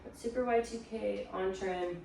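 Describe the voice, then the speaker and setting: A woman's voice: mid-range voice, fairly even intonation, moderate pace, creaky, darkish tone, recorded from a distance, a little hiss or hum. Chatty young woman in an echoey room. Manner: chatty, trails off with fillers while sorting items. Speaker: reselling vlogger, stay-at-home mom. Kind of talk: casual chat showing a thrift haul.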